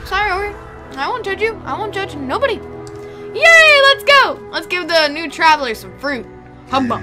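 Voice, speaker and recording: High, lively, excitable woman gamer. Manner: excitable, squealing and gasping. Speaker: let's play gamer. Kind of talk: video game play commentary. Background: game music.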